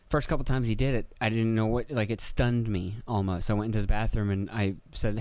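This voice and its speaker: A man's voice: on the low side, fast talker, hardly any pauses, a little mellow, smooth, no room sound. A young man hosting a casual solo podcast, rambling and swearing, laughing at himself and acting out quoted voices. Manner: rambling, profane, self-deprecating, acts out quotes. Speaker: podcast host. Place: indoor room with video camera.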